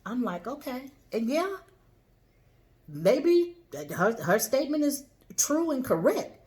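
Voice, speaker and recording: Woman in her forties, podcast host, animated storyteller. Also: on the high side, takes it slowly. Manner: animated, emphatic retelling with acted-out quotes.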